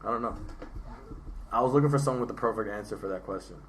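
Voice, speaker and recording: A man's voice: lowish voice, very fast, a little hiss or hum. A man, a comedian chatting casually on a podcast, goofy and jokey, breaking into laughs.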